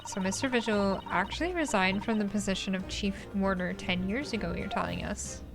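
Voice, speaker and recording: A woman's voice: mid-range voice, fairly quick, creaky, voice pushed down, close to an everyday voice. A woman reading a polite young male detective with formal, courteous questions, game music behind. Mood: earnest.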